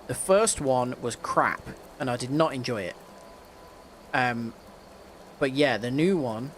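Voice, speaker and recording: A man's voice: mid-range voice, slow, long pauses, a little hiss or hum. A man streaming a game, chatting casually and rambling with lots of filler words. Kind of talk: casual live gameplay chat.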